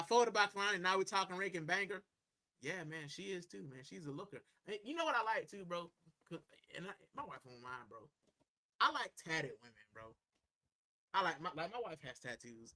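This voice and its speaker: A high, sharp-toned man runs a livestream from a corner at home. He chats casually with viewers, reads their comments, rambles loosely, and says "bro" constantly.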